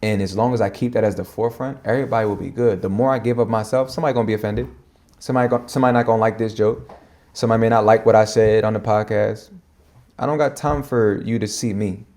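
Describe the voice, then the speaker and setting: Gravelly, low-voiced man, quick slangy podcast guest talk. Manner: fast-talking, slangy, animated. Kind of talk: casual conversation.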